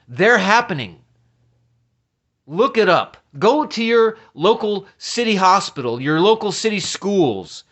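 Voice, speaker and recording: A man's voice: on the high side, a bit bright. A man ranting as a vlogger, agitated and profane, often stammering and restarting his sentences. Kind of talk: ranting commentary.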